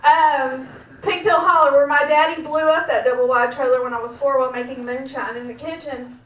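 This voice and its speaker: A woman with a Southern US accent doing a stand-up set, telling dark jokes in a deadpan drawl in the back room of a restaurant. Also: high voice, brisk, lo-fi sound. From Georgia, US. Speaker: stand-up comedian. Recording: echoey room, mic heard from far off.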